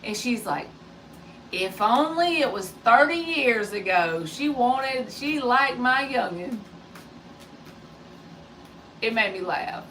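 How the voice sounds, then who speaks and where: A woman's voice: a little high, expressive, takes it slowly, pauses often, fairly bright tone, far from the mic, poor audio. A woman in her forties chatting casually and jokingly on a live stream as a tarot reader, passing along remarks from someone off-mic. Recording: voice a bit off-mic, faint background noise.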